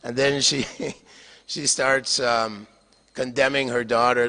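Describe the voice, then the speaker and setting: An older man giving a storytelling scripture lecture, halting with fillers, small chuckles and throat clearing. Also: medium pitch, flat delivery, sharp tone. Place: temple hall. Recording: long hall reverb.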